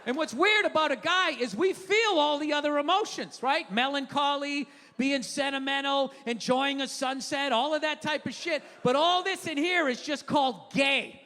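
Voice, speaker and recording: A middle-aged man in his fifties doing a stand-up comedy set, ranting profanely and animatedly with sudden shouts. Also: very high voice, moderate pace, hardly any pauses, a little hiss or hum. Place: comedy club stage. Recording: roomy live theater sound. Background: audience laughter.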